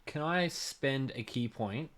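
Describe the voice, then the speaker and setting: A young man chatting casually at a tabletop game, with a bright, forceful tone. He trips over his words as he works through the rules. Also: mid-range voice, lively intonation, slow. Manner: eager, stumbling over rules questions. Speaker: player.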